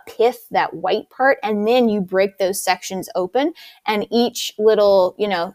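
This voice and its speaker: Casting: woman instructor, keen explainer, dry close recording, mid-pitched. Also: no room sound. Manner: enthusiastic and detailed explainer. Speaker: movement instructor. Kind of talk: explanatory interview answers.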